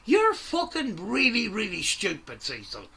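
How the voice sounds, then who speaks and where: A man's voice: sits high, wildly swooping pitch, unhurried, vocal fry, sharp tone, husky. A man doing an angry, sweary reaction commentary, mocking and ranting at the video he watches. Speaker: commentary YouTuber.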